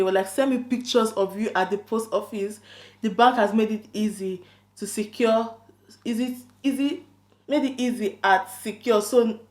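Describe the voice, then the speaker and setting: A woman chatting casually as she tells a storytime vlog, acting out both sides of a conversation with lots of "I'm like". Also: mid-range voice. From London. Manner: animated, quotes both sides of a chat, frequent "I'm like". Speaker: YouTuber telling a story. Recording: echoey room.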